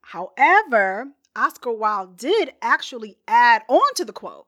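A woman's voice: on the high side, sing-song, measured pace, fairly bright tone. Chatty, playful woman storyteller. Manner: playful, chatty, laughs often, mock-dramatic asides. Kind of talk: casual explanatory storytelling.

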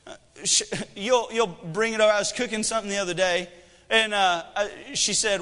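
A man's voice: high voice, steady tone, moderate pace, bright, forceful tone, clean tone, in a large hall. A man in his thirties preaching a sermon, mixing scripture reading with joking family stories and rhetorical questions. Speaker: pastor.

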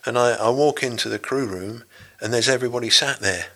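A man's voice: mid-range voice, a little fast, sharp tone. An older man from Britain, a former navy rescue diver, telling his story in a casual interview, rambling with many restarts and fillers. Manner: rambling, full of restarts and "you know".

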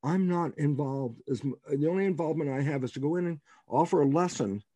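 A man telling stories as a guest in an interview, emphatic and animated, asking rhetorical questions and acting out the lines of people he quotes. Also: fairly high pitch, fairly quick, no echo. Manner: animated, acts out quoted dialogue. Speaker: guest biologist. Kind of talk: storytelling in an interview.

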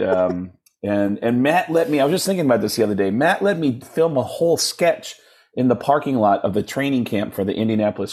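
A comedian guest tells his stories in a husky, fairly low voice. He is animated and self-mocking, laughs often, and restarts sentences as he goes. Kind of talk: casual storytelling in conversation.

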